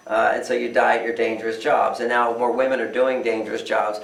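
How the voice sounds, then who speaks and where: A man's voice: mid-range voice, little pitch movement, a little fast, gravelly. An older man, a relationship author answering interview questions with emphatic delivery who often acts out quoted voices. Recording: echoey room, distant mic.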